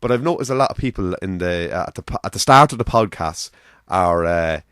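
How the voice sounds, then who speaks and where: Low-voiced Navan Irish man bantering. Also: animated, fairly quick, a bit bright, clear, resonant tone, dry recording, studio quality. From Ireland. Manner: swearing, friendly banter, anecdotes. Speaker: podcast guest. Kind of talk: casual podcast chat.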